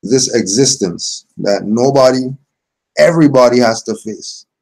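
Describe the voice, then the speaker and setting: A man's voice: medium pitch, unhurried, vocal fry, a little mellow. A man giving a casual religious teaching, reading passages aloud and then explaining them in everyday speech. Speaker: spiritual teacher.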